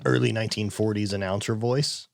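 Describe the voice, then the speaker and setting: A man's voice: lowish voice, fairly even intonation, fairly quick, creaky, a little hiss or hum. Swearing, rambling podcast host man. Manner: swears freely, rambling storyteller. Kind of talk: casual chat.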